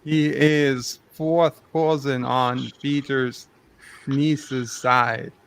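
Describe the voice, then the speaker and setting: Guy doing a goofy fake russian comrade voice, slow and gravelly, dead serious about nonsense. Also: mid-range voice, fairly even intonation, a little hiss or hum. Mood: deadpan. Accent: put-on Russian. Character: joking fake Soviet man, boastful comrade. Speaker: stream host. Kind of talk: comedic bit on a casual stream.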